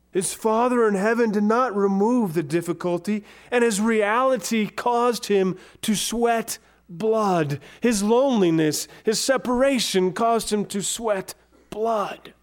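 A man preaching a sermon, slow and dramatic, his voice dropping to a near whisper on key words. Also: high voice. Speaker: pastor.

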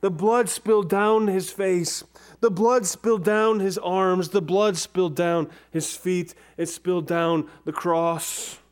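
A man preaching a sermon, slow and dramatic, his voice dropping to a near whisper on key words. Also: high-pitched, fairly even intonation, smooth. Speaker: pastor.

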